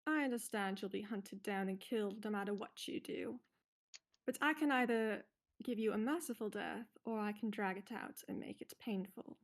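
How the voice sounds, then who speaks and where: A woman playing a tabletop game, questioning a prisoner calmly and with quiet threats. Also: mid-range voice, normal speed. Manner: calm, threatening interrogation. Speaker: player. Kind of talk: in-character tabletop role-play.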